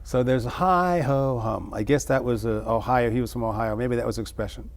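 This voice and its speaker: A middle-aged man, an interview guest, musing over childhood memories in a halting way, with many restarts. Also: mid-range voice, darkish tone. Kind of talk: reflective personal storytelling.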